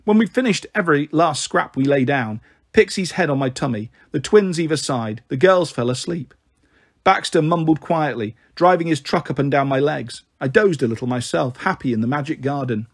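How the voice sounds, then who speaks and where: Male storyteller, husky tone, pitched a touch high, voices the characters. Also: expressive, moderate pace. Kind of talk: reading a children's novel aloud.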